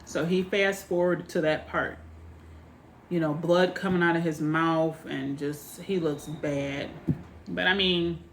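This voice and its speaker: A woman reviewing a movie in a casual, animated retelling, chatting straight to her viewers. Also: deep voice, a little hiss or hum. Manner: animated retelling, acting out characters' lines; chatty, addresses viewers directly. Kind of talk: casual spoken movie recap.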